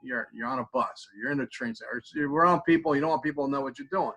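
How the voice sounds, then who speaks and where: A middle-aged man teaching a mindfulness tapping exercise in a classroom, talking conversationally and repeating phrases softly as he demonstrates. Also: medium pitch, fast talker, low-quality recording. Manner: conversational, repeats phrases while demonstrating, drops to quiet murmurs. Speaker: mindfulness instructor.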